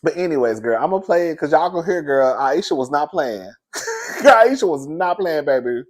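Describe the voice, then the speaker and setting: A man's voice: a little high, expressive, moderate pace. A man hosting a celebrity gossip show, talking casually and chattily, laughing a lot and calling listeners girl and baby.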